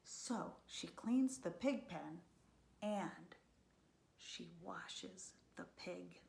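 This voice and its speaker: Woman reading a kids book real slow, bright voice, echoey room. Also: fairly low pitch, gravelly, a little hiss or hum. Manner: slow, expressive reading, dropping to soft whispers. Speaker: storyteller. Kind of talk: children's picture book read-aloud.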